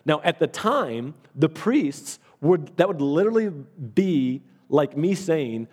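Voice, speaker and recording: A man's voice: a little high, sing-song, slow, few pauses, darkish tone. A male pastor preaching in a conversational storytelling way, acting out the voices of people in his stories. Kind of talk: storytelling sermon. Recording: long reverb of a large hall.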